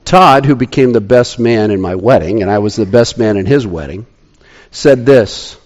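A man telling a personal story in a sermon, animated, rising to excitement and dropping to hushed tones. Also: fairly low pitch, moderate pace, dull audio.

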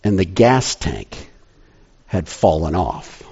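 A man telling a personal story in a sermon, animated, rising to excitement and dropping to hushed tones. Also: deep voice, slow pace, vocal fry, lo-fi sound.

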